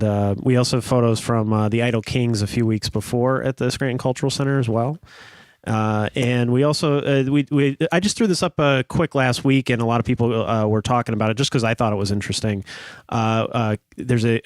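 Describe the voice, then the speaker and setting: Podcast host guy, lots of uhs, smooth clear voice, dry room. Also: mid-range voice, normal speed, no echo. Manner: hesitant, many uhs. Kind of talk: casual chat. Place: podcast studio.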